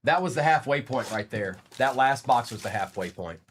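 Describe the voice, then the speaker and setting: Calling out every card as he chats easily with his audience, this man runs a live trading card break with animated energy. He has a medium-pitched voice at a moderate pace, with slight background noise.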